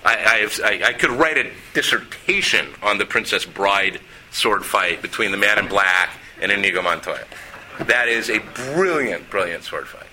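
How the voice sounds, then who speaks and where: A middle-aged man, a writer, telling a personal story in a lively way and acting out the people in it. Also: lowish voice, moderate pace, a little hiss or hum, rough recording.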